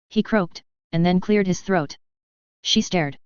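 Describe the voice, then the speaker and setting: A woman reading fan fiction aloud as narrator in a steady, even manner, on a dull lo-fi recording. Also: lowish voice, slow pace, clear, resonant tone, no room sound.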